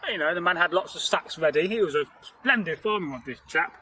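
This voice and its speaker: The channel host's voice is fairly high, bright and forceful, animated and fairly quick. Slight background noise marks the poor audio. He's outside in nature casually telling a folktale, wandering off in chatty tangents and joking and laughing with a companion.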